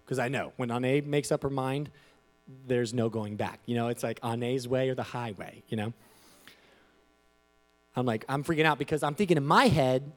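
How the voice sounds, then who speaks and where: A man preaching, telling a personal story in a loose, conversational way with frequent asides, swinging from quiet to loud as he acts out what people said. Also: mid-range voice, normal speed, long pauses, faint music behind. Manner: animated, conversational, with frequent "you know" asides. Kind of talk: storytelling sermon.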